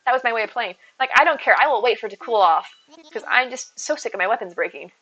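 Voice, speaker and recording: A woman live streamer talks casually and rambles while answering her chat, her voice a little high, expressive, fast, bright and forceful. The stream audio is slightly dull, with faint music in the background.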